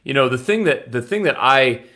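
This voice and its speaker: A man's voice: medium pitch, lively intonation, normal speed, sharp tone. Reflective man hosting an interview. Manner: reflective, laughs easily. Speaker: interview host. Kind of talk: conversational interview.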